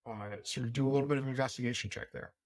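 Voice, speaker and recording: A man's voice: medium pitch, steady tone, racing. A man narrating and calling checks as game master, in a hesitant, filler-heavy way. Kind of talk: running a tabletop game.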